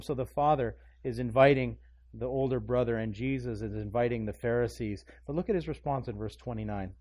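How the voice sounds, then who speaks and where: Male pastor delivering a lively sermon, mid-range voice, swells in volume for emphasis and plays the characters he quotes. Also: mid-range voice, a little fast, no room sound. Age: adult parent. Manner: animated, acts out scripture voices, rising emphasis.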